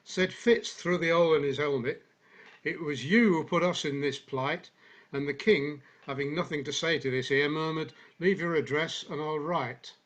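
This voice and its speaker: A man with a fairly high voice recites a comic monologue in rhyming verse. He puts on a generic northern English accent and tells it in a measured storytelling way, heard over a video call. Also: a bit bright. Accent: put-on generic northern English. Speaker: singaround participant reciting.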